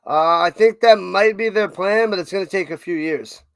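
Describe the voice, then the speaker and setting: A man's voice: sits high, moderate pace, dry recording. A man with a New York accent streaming a watch party, calling plays and chatting with viewers. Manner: excitable calls, chatty asides to viewers. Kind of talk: live stream play-by-play and chat reading.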